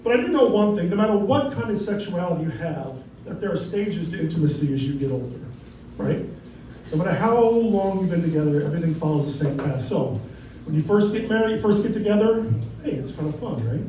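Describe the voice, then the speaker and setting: High-voiced man doing stand-up. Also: animated, a little fast, warm tone. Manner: rambling, conversational, keeps asking "right?". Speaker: stand-up comedian. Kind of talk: stand-up comedy. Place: comedy club stage. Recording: echoey room, distant mic, noisy.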